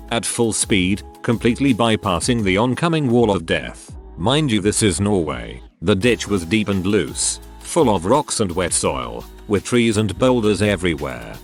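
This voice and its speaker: Guy narrating stories, kinda low voice, bouncy delivery, soft music behind. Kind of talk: scripted story narration. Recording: faint background music.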